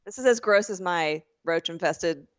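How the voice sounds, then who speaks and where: A woman co-hosting a podcast in casual chat, trading quick, joking banter and laughing often. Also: lowish voice, no room sound, highs cut off. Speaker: podcast co-host.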